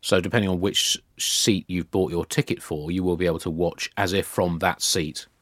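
A man guesting on a comedy news podcast, telling absurd made-up stories in a deadpan, rambling way. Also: low voice, moderate pace, no room sound, studio quality. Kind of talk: deadpan satirical comedy chat.

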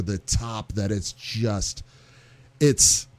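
A man's voice: deep voice, a little slow. A man in casual chat as a podcast co-host, talking expressively and playfully, swearing now and then. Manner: expressive, playful, vivid comparisons, swears freely. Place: garage.

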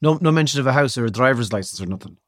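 A man's voice: medium pitch, animated, rapid-fire, fairly bright tone, no echo, clean studio sound. A man hosting a casual podcast chat, prodding his guest with teasing questions. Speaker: podcast host.

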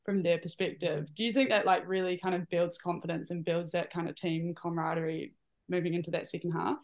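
A woman with a New Zealand accent hosting a casual sports chat, animated and slangy, calling her guest "mate". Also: lowish voice, brisk. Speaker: podcast host, teammate.

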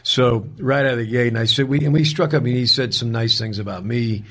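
An actor being interviewed as a guest tells an animated story casually, quoting the people involved and frequently restarting his sentences. His voice is mid-range, brisk and slightly rough.

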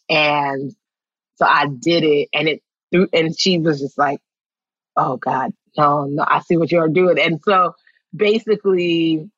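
A woman guest in an interview, telling stories in a lively way, acting out what people said and laughing often. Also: deep voice, no room sound, highs cut off. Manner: animated storytelling, acts out quotes, laughs often. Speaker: actress guest. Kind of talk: casual interview chat.

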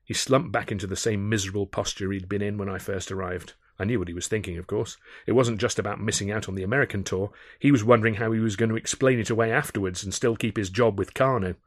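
Man, audiobook narrator, first-person storytelling, measured, low pitch, dry recording. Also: fairly even intonation, no room sound. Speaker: author and narrator.

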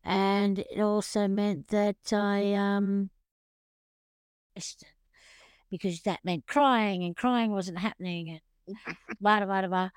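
A woman's voice: medium pitch, steady tone, slow, long pauses, smooth, no room sound, clean studio sound. A woman hosting a podcast interview, talking in a chatty, rambling and openly emotional way. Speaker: podcast host. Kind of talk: casual interview chat.

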